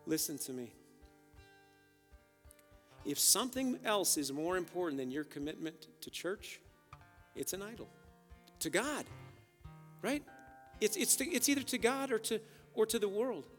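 A man preaching a sermon, energetic, swinging from loud urgent exhortation to quiet emphasis. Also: high voice, measured pace, pauses often. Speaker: pastor. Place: church sanctuary. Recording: long hall reverb with faint guitar behind. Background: soft guitar music.

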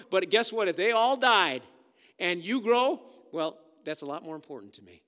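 A man preaching a sermon, energetic, swinging from loud urgent exhortation to quiet emphasis. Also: high-pitched, normal speed. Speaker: pastor. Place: church sanctuary. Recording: long hall reverb with faint guitar behind. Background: soft guitar music.

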